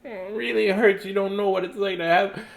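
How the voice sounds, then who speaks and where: A man's voice: lively intonation, takes it slowly, pushed and bright, smooth, exaggerated voice, rough recording. A man voicing a small male bird who whines and wails about his sore head. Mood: whiny. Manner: wailing, high and complaining. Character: weepy little bird, male, small and whiny.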